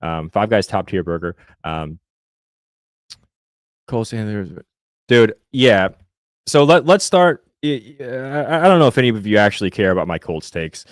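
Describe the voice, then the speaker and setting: Rambling low-voiced man chatting football. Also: big pitch swings, normal speed, long pauses, no echo, clean studio sound. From Indiana, US. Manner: rambling, many fillers and restarts. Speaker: podcast co-host. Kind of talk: casual sports chat with live chat.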